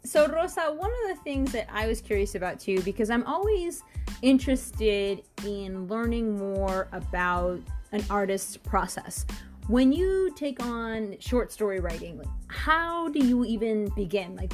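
A woman's voice: medium pitch, expressive, measured pace, darkish tone, faint music behind. A woman co-hosting an interview, asking curious, rambling questions in a casual chat. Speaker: co-host.

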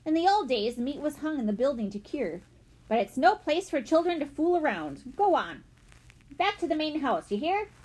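Gruff old man gardener voiced by a woman, scolding, breathy, lively pitch. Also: moderate pace.

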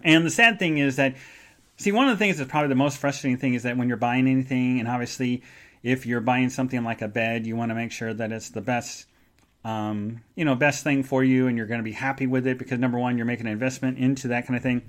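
A man's voice: medium pitch, fairly even intonation, fast talker. A man hosting a live online show, telling a rambling personal story in a casual chatty way with many fillers and asides. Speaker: podcast host.

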